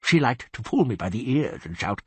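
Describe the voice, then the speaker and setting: A man reading the part of a genial, boastful cursed beast-man with a husky voice, chatting wryly in an audiobook. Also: mid-range voice, big pitch swings, normal speed, darkish tone, no room sound. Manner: chatty, confiding, wry.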